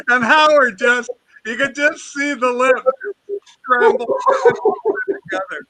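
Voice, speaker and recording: A man hosting a casual chat show, telling lively anecdotes and acting out the quotes. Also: very high voice, slow, pauses often, poor audio. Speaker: show host. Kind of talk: casual chat, animated storytelling.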